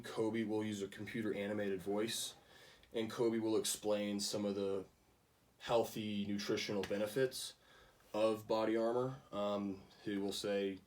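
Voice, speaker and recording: A man's voice: lowish voice, a little mellow, recorded from a distance. Young man presenting, a bit off-mic. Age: young adult. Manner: casual, many ums, restarts. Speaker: student presenter. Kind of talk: class project presentation.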